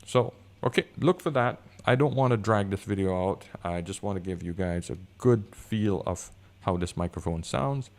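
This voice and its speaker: Deep bass guy chatting about gear, gravelly low voice, easygoing, condenser mic in a concrete room. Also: moderate pace, hardly any pauses. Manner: easygoing, excitable, talks with fillers. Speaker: product reviewer. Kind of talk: casual review chat. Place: room with high concrete ceilings. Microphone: desk condenser microphone.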